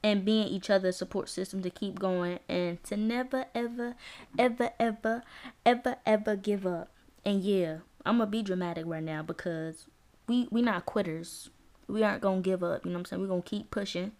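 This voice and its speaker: A woman hosting her own podcast in a casual, playful manner, teasing herself, stretching words out and laughing often. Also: mid-range voice. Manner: animated, rhyming and drawn-out words. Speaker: podcast host. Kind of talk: casual solo podcast talk.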